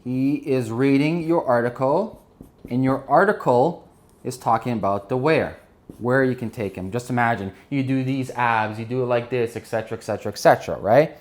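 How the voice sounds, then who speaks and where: Energetic man teaching a lesson. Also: medium pitch, normal speed. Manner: energetic, keeps checking in with "right?" and "okay?". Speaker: business instructor. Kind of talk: explanatory lesson, drawing on a board.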